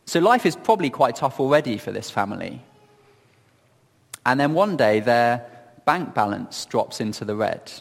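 A man giving reflective Bible teaching in a gentle, earnest storytelling manner, often asking questions of his listeners. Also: medium pitch, big pitch swings, moderate pace, creaky, long reverb tail. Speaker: preacher.

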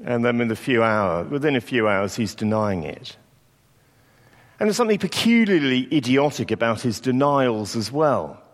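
In a hall with long reverb, a preacher delivers a sermon in a mid-range, sing-song voice at normal speed. He tells a story reflectively and acts out the quoted lines.

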